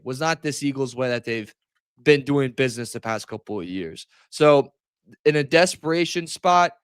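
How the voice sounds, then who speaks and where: Smooth-voiced man talking sports. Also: on the high side, dry recording. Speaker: podcast co-host. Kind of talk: casual sports podcast chat.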